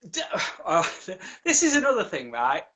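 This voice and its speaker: A man's voice: high-pitched, wildly swooping pitch, moderate pace, sharp tone. A man with an English accent hosting a casual video-call interview as a drag queen, cheeky and sweary, laughing often. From England.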